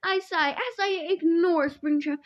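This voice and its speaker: A woman's voice: extremely high pitch, measured pace, dry recording, lo-fi sound. A young woman reading a fanfic aloud in a casual way, often giggling as she goes. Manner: giggly, often breaks into laughter. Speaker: fanfic reader.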